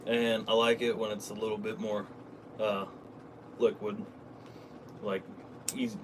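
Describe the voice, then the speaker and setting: A man's voice: lowish voice, little pitch movement, a little slow. A young man co-hosting a casual livestream, rambling easily and swearing now and then. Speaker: livestream co-host. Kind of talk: casual stoner chat. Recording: distant mic with faint background noise.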